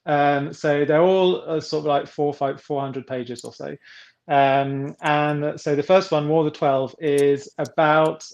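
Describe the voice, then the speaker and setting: A man's voice: fairly high pitch, highs cut off. A middle-aged man from England, a guest author speaking casually in a rambling way, with many restarts and fillers. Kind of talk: casual interview chat.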